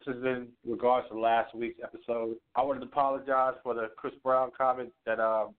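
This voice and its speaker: A man's voice: medium pitch, level tone, a little fast, clean tone. Laid-back New man, tinny line. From the Bronx, New York. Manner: laid-back, repeats "you know what I mean", chuckles. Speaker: podcast co-host. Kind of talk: casual sports and music chat. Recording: tinny phone-line sound.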